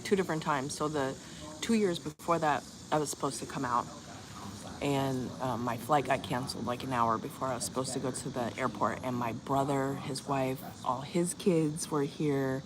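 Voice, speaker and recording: Low-voiced woman in her fifties chatting. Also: steady tone, moderate pace. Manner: rambling, chatty storytelling with many fillers. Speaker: vlogger. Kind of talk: casual chat to viewers. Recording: loud cricket noise behind voice. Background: crickets and insects chirping.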